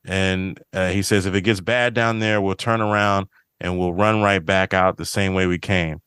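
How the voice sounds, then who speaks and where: A man's voice: deep voice, fairly even intonation, normal speed, fairly bright tone, smooth, dry recording, clean studio sound. A man hosting a podcast, casually retelling scenes from a TV episode and quoting the characters' lines. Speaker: podcast host. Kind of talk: casual chat recapping a TV episode.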